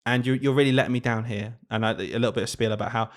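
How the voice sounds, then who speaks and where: A man's voice: medium pitch, fairly even intonation, very fast. A man, a primary teacher co-hosting a podcast, telling classroom stories in casual chat and often laughing as he talks.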